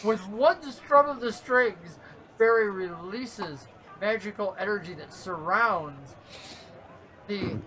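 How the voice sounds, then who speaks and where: A woman runs the tabletop game as its game master. She narrates playfully and laughs along with her players, and her voice has a bright, sharp edge. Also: mid-range voice, slow, poor audio. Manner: lively, playful, laughs often.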